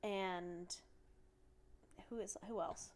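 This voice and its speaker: A woman's voice: lowish voice, steady tone, very slow. A woman guest on a podcast, chatting casually in a giggly, self-deprecating way. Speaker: podcast guest, content creator.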